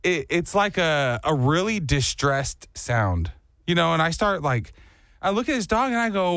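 A man co-hosting a morning show, chatting casually and acting out a story with lively voices and sounds. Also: fairly high pitch, unhurried, no room sound, clean studio sound. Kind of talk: casual chat.

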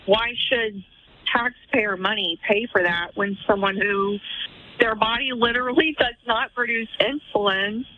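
A woman's voice: fairly high pitch, a little slow. A woman calling in to a radio show, explaining her point earnestly and at length. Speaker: caller. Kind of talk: phone-in call to a radio show. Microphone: telephone. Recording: dull phone line.

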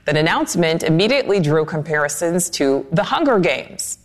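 A woman news anchor reading scripted news in a crisp, measured delivery. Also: sits low, sing-song.

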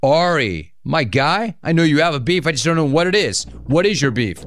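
Animated joking radio host man. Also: on the high side, normal speed, a little hiss or hum. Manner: animated, joking, teasing callers. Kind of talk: call-in radio show banter.

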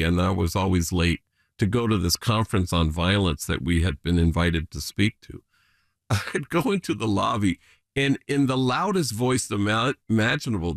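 Priest guy chatting earnestly, gravelly, very lively pitch, dry close sound. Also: dry recording. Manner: earnest, animated, mimics voices in anecdotes. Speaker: priest, interview guest. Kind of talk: reflective conversational storytelling.

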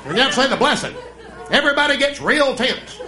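A man's voice: very high voice, expressive, fast. A man in his thirties with a Southern US accent doing folksy live stand-up comedy. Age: 30s. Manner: folksy storytelling, drawling. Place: comedy stage before a live audience. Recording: echoey live stage with crowd laughter.

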